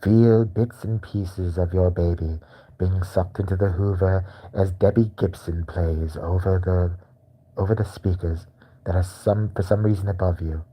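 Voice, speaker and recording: Creepy mock-soothing ASMR narrator, man doing the voice, slow and low, gentle, husky. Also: steady tone, low-quality recording.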